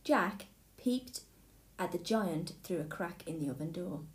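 A woman reading a fairy tale aloud in a clear, steady way. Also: on the low side, measured pace. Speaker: storyteller. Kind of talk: storybook read-aloud. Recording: echoey room.

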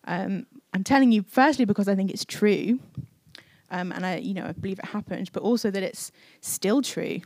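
A woman's voice: medium pitch, normal speed, darkish tone, no echo. A woman giving a casual, conversational sermon in a church, chatty with many fillers. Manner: chatty, many fillers, acts out quoted speech. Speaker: preacher. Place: church service.

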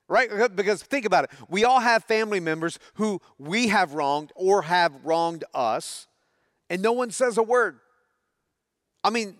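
A man's voice: sits high, a bit bright, smooth, no room sound, studio quality. A middle-aged man preaching a sermon, talking conversationally and putting questions to his audience. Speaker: pastor.

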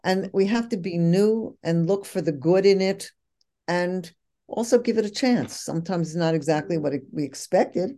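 Brief: woman guest, low-ish mellow voice, reflective and earnest. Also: normal speed. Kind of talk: casual conversation.

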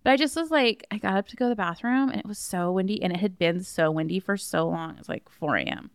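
Giggly, swearing woman co-host, smooth voice. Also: mid-range voice, lively intonation, fast talker, no room sound, clean studio sound. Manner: laughing, chatty, swears freely. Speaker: podcast co-host. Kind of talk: casual chat.

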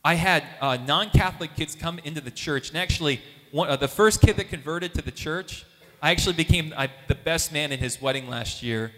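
A man, a youth minister, giving an animated testimony talk and acting out the voices of the people in his story. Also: on the high side, brisk, long reverb tail.

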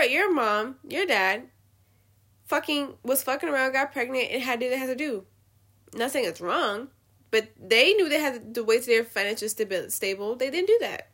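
A woman hosting a show, giving blunt, profane opinions in a casual, animated rant. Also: high voice. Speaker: podcast host.

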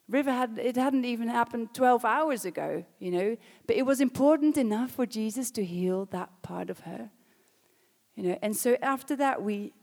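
A woman sharing a personal faith story as a sermon, storytelling warmly and often dropping to a hushed whisper. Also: on the high side, in a large hall. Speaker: speaker leading a faith session. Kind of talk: personal testimony and preaching.

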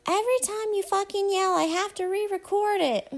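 A woman's voice: a little high, expressive, normal speed, creaky, a little mellow. A woman acting out an upset young woman on a voicemail. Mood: shrieking.

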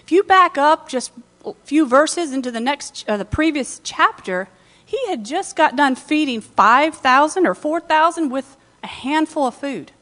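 A woman pastor giving a conversational sermon, retelling scripture with lively asides in a church. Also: high-pitched, measured pace, in a large hall.

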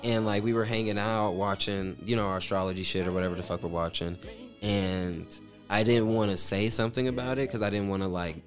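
Deep-voiced man rambling over music. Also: fairly even intonation, brisk. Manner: rambling, filler-heavy, profane. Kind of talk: casual storytelling chat.

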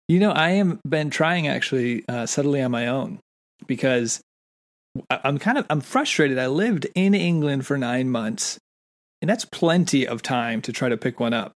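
This is an American man co-hosting a conversational podcast. His voice is mid-pitched, and he talks in an earnest, thoughtful way, often stopping to restart his sentences. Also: animated, moderate pace. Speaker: podcast co-host. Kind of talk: casual podcast chat.

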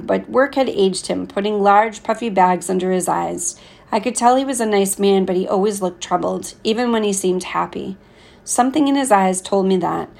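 A woman narrates an audiobook chapter in the first person, calm and steady. Her voice has a creaky, gravelly texture, and the reading stays even and unhurried. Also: mid-range voice. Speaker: audiobook reader.

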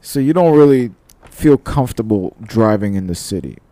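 A laid-back man with a mellow, relaxed tone tells his own story in casual chat. His voice has a middle pitch and sounds dry and close. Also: normal speed, dry recording.

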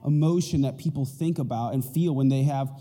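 A male pastor preaching a lively, joking sermon, often checking in with the crowd. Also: mid-range voice, a little fast, big-room sound. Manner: animated and joking, asks the crowd "right?". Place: church auditorium.

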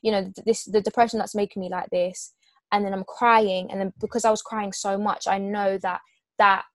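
A woman's voice: medium pitch, little pitch movement, moderate pace, dry recording. A young woman in her twenties talking openly and with emotion in a casual heart-to-heart chat. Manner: open, emotional, frank.

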